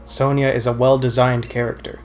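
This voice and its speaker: A man's voice: medium pitch, level tone, fairly quick, a little mellow, slight background noise. A man casually commenting while playing a video game, rambling and correcting himself, with dry teasing jokes. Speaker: let's play co-host.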